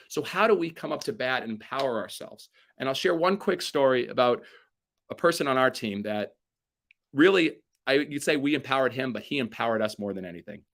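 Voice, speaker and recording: A man giving a keynote talk, telling stories with energy and acting out what people said. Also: creaky. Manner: energetic storyteller acting out quotes with big pitch jumps. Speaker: keynote speaker. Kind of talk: motivational storytelling keynote.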